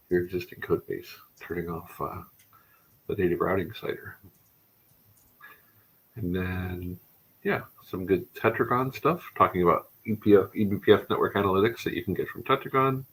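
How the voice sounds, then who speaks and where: A man hosts a casual tech livestream, his voice bright and forward with a husky edge that sits a little low. He talks with real enthusiasm and drifts into rambling asides. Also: rough recording. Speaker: show host.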